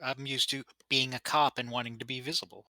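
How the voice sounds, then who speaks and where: A tabletop player with a bright, forceful voice makes wry, joking remarks. The sound is dry and close, with no room echo. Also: mid-range voice, steady tone, a little fast. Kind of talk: casual chat in a tabletop game.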